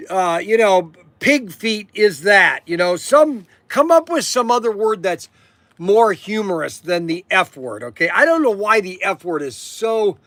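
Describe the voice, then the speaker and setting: A man with a high, bright voice hosts a casual livestream. He rambles, circles back on himself and keeps checking in with his viewers. The sound is dry and close, with no room around it. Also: no room sound. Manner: rambling, repeats himself, says okay often. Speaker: livestream host.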